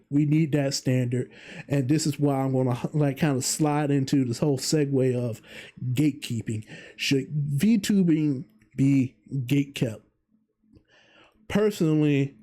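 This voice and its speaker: A man's voice: on the high side, warm tone. A man hosting his own channel, talking through his opinions in a rambling, self-interrupting monologue with frequent chuckles. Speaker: vtuber host. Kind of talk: casual commentary monologue.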